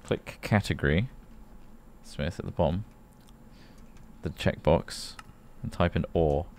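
A man's voice: low voice, slow pace, a little mellow, slight background noise. A man chatting while gaming, dryly explaining settings to his friends step by step. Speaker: gamer streaming with friends. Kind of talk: casual gaming chat.

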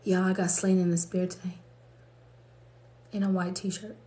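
A woman's voice: lowish voice, level tone, normal speed, dark tone. A woman from Colorado hosting a livestream, praying and chatting off the cuff, laughing often and reading viewer comments aloud. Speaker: livestream host. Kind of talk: prayer and casual livestream chat. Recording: roomy echo.

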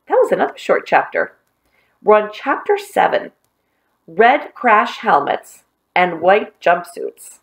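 A woman reading a children's novel aloud, giving the characters lively voices and adding chatty asides. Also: mid-range voice, slow, creaky, rough recording. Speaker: children's book reader.

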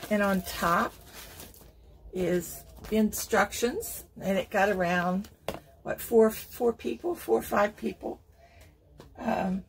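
A woman's voice: medium pitch, creaky, a little hiss or hum. An older woman from Florida, chatting casually and gushing as she unboxes yarn at her sewing table, with many ums. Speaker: craft vlogger.

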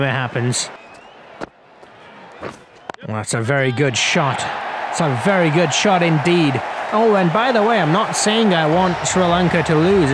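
A young man giving rambling, casual play-by-play commentary over a cricket video game, getting excited on big shots. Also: a little high. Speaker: gaming commentator. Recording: loud crowd and game noise behind.

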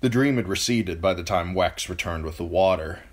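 A man with a very deep, low voice reads a fantasy novel aloud. He narrates as an amateur audiobook reader, taking the text slowly and deliberately.

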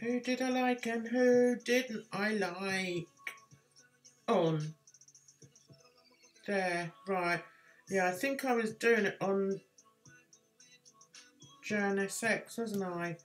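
With soft background music, a woman hosts a casual live stream in a mid-range voice, keeping a steady tone. She talks very slowly with long pauses, rambling, self-deprecating, and reading the chat aloud.

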